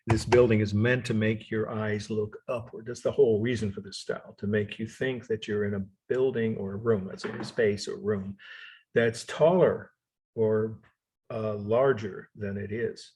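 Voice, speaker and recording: A man's voice: lowish voice, steady tone, normal speed, a little mellow, slight background noise. An older man teaching an art history class, in a rambling, digressive way with frequent chuckles. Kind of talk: recorded college lecture.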